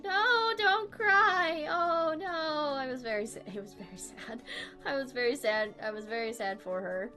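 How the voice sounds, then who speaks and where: Young woman, a touch high-pitched, rambling casual streamer talk over soft music. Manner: rambling and self-deprecating, with frequent laughs. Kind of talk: casual chat while drawing on stream.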